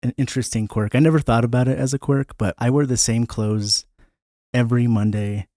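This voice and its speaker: A man's voice: medium pitch, fairly even intonation, brisk, warm tone, no room sound, studio quality. A man hosting a podcast, chatting casually, laughing and restarting his sentences often. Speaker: podcast host.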